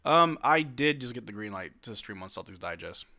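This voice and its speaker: A brisk man with a lowish voice hosts a casual game watch-along stream, calling the action as it unfolds. He reads viewers' chat questions aloud, answers them, and gets loudly excited at major plays.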